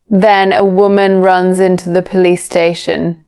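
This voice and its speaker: Woman reading a learner story real slow, low-ish gravelly voice, careful and clear. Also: little pitch movement, dark tone. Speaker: narrator. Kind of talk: slow scripted storybook narration for English learners.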